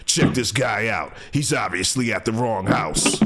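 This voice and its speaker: A man hosting a comedic doorbell-camera clip show, calmly announcing places, then shouting and heckling the people in the clips. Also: unhurried, heavy background noise. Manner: heckles people on screen, shouting "get lost"; lively pitch swings, calm place announcements. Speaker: host narrating doorbell clips. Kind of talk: comedic commentary over video clips.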